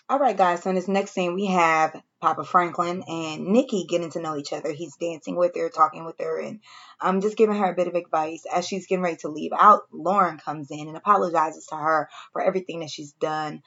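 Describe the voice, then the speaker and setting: A woman recapping a TV episode for her viewers in a casual, animated way, cursing freely and talking straight to the audience. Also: on the low side, fairly quick, lo-fi sound. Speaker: TV reaction reviewer.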